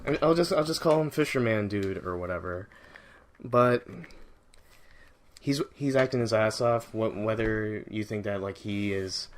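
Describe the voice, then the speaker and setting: A man giving a casual first-reaction movie review, rambling, excitable and heavily profane, often restarting his sentences. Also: mid-range voice.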